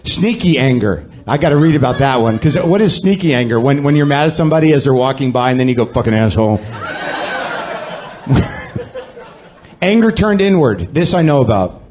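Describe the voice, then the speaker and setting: A man's voice: fairly high pitch, lively intonation, moderate pace, pauses often, a crowd in the background. A man hosting a podcast, delivering a sardonic, self-deprecating comic monologue in a ranting manner to a live audience. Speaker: podcast host.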